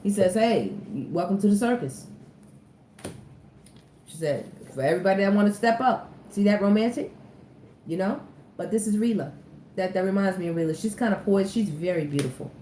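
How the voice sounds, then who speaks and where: A woman's voice: medium pitch, a little fast, mellow. Chatty woman reading tarot, echoey room. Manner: chatty, talks straight to viewers, laughs often. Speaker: tarot reader. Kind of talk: casual tarot reading monologue. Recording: echoey room with faint ambient noise.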